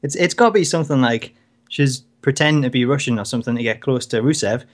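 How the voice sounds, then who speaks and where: A man co-hosting a wrestling talk show in casual chat, relaxed and a little hesitant, restarting words as he works through his thoughts. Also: medium pitch, quick pace. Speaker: co-host.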